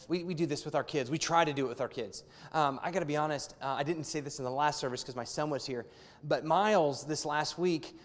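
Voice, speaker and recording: A man in his thirties preaching a sermon as a pastor, conversational and weaving in personal family stories. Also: fairly high pitch. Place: church hall. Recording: long hall reverb.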